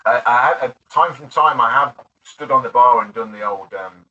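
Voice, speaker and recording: A man from the United Kingdom recalls his bartending years in a casual interview, speaking at a moderate pace in a sharp, medium-pitched voice. He's chatty, laughing often and restarting a lot, captured on distant, dull lo-fi audio.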